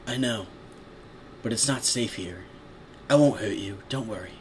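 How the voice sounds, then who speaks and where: A man voicing a gentle adult male pegasus in a storybook reading, soft and quiet. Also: on the low side, measured pace, a little hiss or hum, close to an everyday voice.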